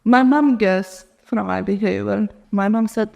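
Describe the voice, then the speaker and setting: A woman in her thirties from Lithuania with a Lithuanian accent, telling her personal story in an interview with lively, non-native phrasing. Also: mid-range voice, measured pace, vocal fry. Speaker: interview guest. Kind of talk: emotional personal testimony.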